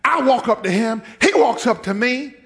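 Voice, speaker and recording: A man's voice: extremely high pitch, lively intonation, moderate pace, creaky. A male pastor preaching, telling a story with lots of animation, acting out the voices and laughing often. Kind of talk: sermon.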